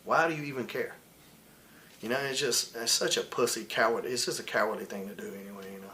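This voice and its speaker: Fast and sharp-toned, this man speaks at a medium pitch with a steady delivery. He is a wrestler in his forties appearing as an interview guest, telling candid stories bluntly and heatedly, cursing frequently and mimicking others in put-on voices.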